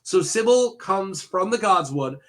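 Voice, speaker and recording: A man's voice: high-pitched, expressive, measured pace, fairly bright tone. Rambling man retelling fantasy lore. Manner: rambling, with many fillers and self-corrections; jokey asides to the viewer. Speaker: lore video host.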